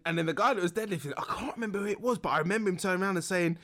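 A young man hosting a relaxed solo podcast, rambling with lots of fillers and laughing now and then. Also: high-pitched, very fast, few pauses. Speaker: podcast host.

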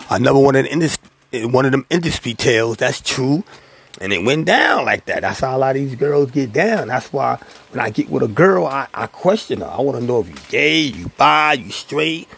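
A man's voice: medium pitch, creaky, a bit bright, husky. A man, a rapper, casually telling a slangy, profane story from his life and acting out the voices of the people in it. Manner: slangy, profane, streetwise delivery; acts out quoted voices.

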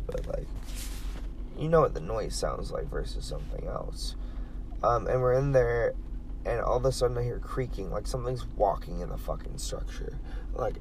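A man's voice: on the low side, a little mellow. A young man chatting casually with friends, swearing often as he tells a long story. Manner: swears a lot, rambling storyteller. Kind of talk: casual chat. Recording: distant mic with faint background noise.

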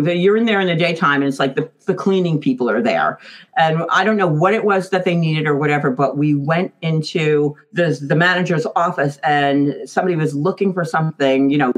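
A woman's voice: low-pitched, low-quality recording. A woman, a former lighting designer for a band, reminiscing in an interview, chatty and laughing often as she tells stories. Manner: chatty storyteller who laughs often and acts out quotes.

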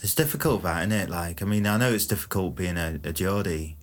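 A man in a deadpan comedy chat, rambling and matter-of-fact with lots of fillers. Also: deep voice, a little fast.

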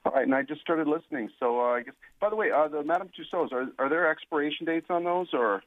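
A man calling in to a radio shopping show, speaking quietly in a mumbled, low-key way. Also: lively intonation, quick pace, narrow, tinny audio. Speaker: caller. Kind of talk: phone call to a radio show.

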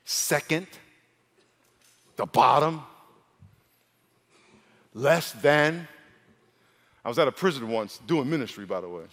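A pastor from New York preaching a humorous sermon, acting out dialogue between stories. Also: male voice, expressive, slow, pauses often, a bit bright. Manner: storytelling, acts out dialogue with big pitch swings and laughs. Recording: long hall reverb.

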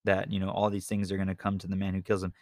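A man with a fairly low voice talks through scripture in an informal, rambling way. He restarts often and adds earnest personal asides. The sound is dry and close. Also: completely flat delivery, very fast, darkish tone, no room sound. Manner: rambling, many restarts and "you know". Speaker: Bible study podcast host. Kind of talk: informal Bible teaching.

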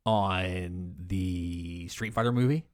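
A man with a fairly low voice co-hosts a horror podcast in a relaxed, chatty way. He swears freely and works through the credits. The sound is dry and close to the mic. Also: slow pace, no room sound. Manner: laid-back, swears, reads out credits. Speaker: podcast co-host. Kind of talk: casual podcast chat.

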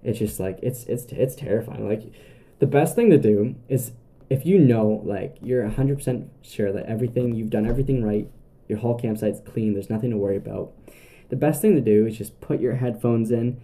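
A young man tells camping stories on his podcast in a deep, mellow voice that is very dark in tone. He rambles casually, piling up fillers and restarting sentences as he goes. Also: fairly quick. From Canada. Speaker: podcast host. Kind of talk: casual storytelling monologue.

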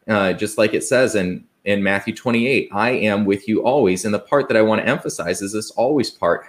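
A man's voice: lowish voice, normal speed, hardly any pauses. Earnest man preaching a sermon. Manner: earnest, asks rhetorical questions, quotes scripture; conversational, with fillers and restarts.

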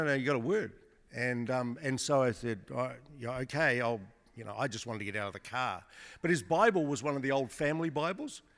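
A man's voice: medium pitch, a bit bright. A man giving a storytelling sermon testimony to a congregation, chatty and joking, with many restarts. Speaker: guest preacher. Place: church service before a congregation. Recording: long church hall reverb.

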